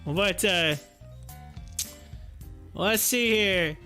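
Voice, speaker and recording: A man hosting a live stream and reading viewer chat aloud, animated, laughing often and repeating his phrases. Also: high-pitched, drawn-out words, faint music behind.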